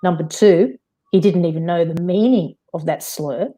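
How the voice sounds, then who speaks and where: A woman's voice: on the low side, normal speed, mellow. A woman with an Australian accent, a guest on a live-stream panel, arguing insistently with many restarts. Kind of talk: heated casual argument.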